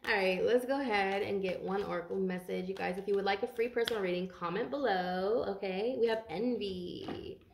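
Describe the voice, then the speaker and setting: A woman's voice: mid-range voice, moderate pace, gravelly, roomy sound, slight background noise. A tired woman doing a casual tarot reading for viewers, chatty and rambling and swearing freely. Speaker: tarot card reader.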